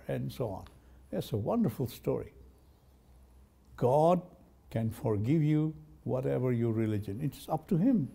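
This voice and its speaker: Older guy professor, warm deep-toned lecture, recites verse then explains it. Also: animated, unhurried, creaky, pauses often, slightly rough. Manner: storytelling, reciting Persian verse then translating. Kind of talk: university lecture on poetry.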